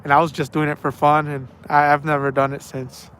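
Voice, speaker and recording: A man tells a rambling story on a night outing, circling back and repeating himself. His voice sits slightly high for a man. There is a faint hum of noise in the background. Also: little pitch movement, a little fast, a bit bright. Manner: rambling and repetitive, with slang like "man" and "bro". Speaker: angler telling stories on a night fishing trip. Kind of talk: casual spoken storytelling. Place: outdoors by the water at night.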